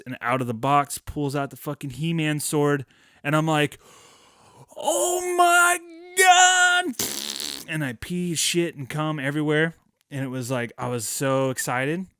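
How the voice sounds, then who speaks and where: A man's voice: mid-range voice, a bit bright, smooth, no echo, studio quality. A man hosting a podcast, telling a rambling, profane childhood story with self-mocking jokes. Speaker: podcast host.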